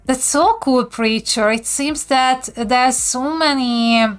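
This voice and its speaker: A Hungarian-accented woman streams live, giggling often as she answers chat and teaches simple words. She has a fairly high voice and takes her time. Soft music plays quietly behind her. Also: slow pace, smooth. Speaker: livestreamer teaching language basics.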